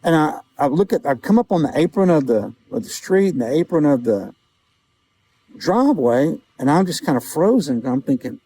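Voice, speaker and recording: A man vlogging outdoors, telling a vivid personal story in a casual, halting way, with quoted dialogue. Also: a little high, lively intonation, warm tone, poor audio. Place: outdoors outside a small-town grocery store.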